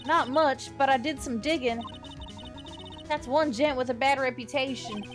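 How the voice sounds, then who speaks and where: A woman voicing a nosy, excitable young female photographer in a put-on Southern drawl, reading video game lines. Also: high-pitched, unhurried, over music. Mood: gossipy. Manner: loud, excitable, folksy. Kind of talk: playing a game's dialogue aloud.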